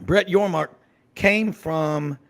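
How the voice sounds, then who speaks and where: Sports radio host, man, gravelly and jokey, rambles into tangents. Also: on the high side, slow. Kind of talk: casual radio roundtable chat.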